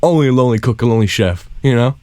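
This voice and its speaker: A man's voice: medium pitch, very fast, darkish tone, no echo. A man co-hosting a comedy podcast, rambling in a mock-earnest way and laughing often. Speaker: podcast co-host. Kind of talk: casual comedic banter.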